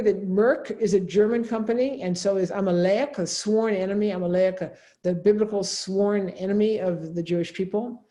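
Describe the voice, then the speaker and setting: A middle-aged woman, a professor of religion and ethics, giving a seminar lecture in a conversational way, often checking in with a quick "right?". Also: lowish voice, warm tone.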